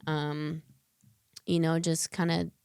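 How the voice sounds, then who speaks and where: A woman's voice: deep voice, flat delivery, slow, vocal fry, a little mellow, smooth, dry recording, studio quality. A woman guest on a podcast, telling a personal story in an earnest, heartfelt way with loose, filler-filled speech.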